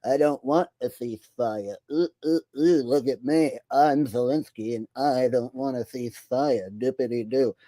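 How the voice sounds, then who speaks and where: A man's voice: mid-range voice, unhurried, few pauses, mellow, no echo, lightly acted. A man putting on a mocking, babyish voice of a dim, whiny foreign leader.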